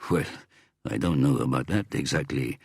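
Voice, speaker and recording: A man's voice: moderate pace, darkish tone, slightly rough, no echo, studio quality, heavily acted. A man doing a weary, mumbling detective. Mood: terse. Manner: low, terse, mumbling. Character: weary, hungover Norwegian male detective.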